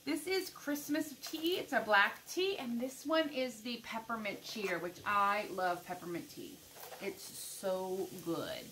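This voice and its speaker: A middle-aged American woman chatting casually to her viewers while unboxing gifts, gushing and excitable. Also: mid-range voice, takes it slowly, slight background noise, poor audio. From United States. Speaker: vlogger.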